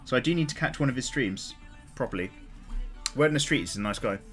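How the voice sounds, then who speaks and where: Lively chatty man streaming. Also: mid-range voice, quick pace, soft background music. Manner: chatty and animated, swears freely, greets viewers. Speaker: live streamer drawing on stream. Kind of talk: casual live-stream chat.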